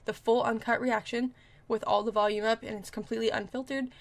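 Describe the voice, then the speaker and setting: A woman's voice: fairly high pitch, flat delivery, brisk, gravelly. A young woman commenting casually on a show she is watching, emotional and exclaiming, often talking to herself. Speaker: reaction video host.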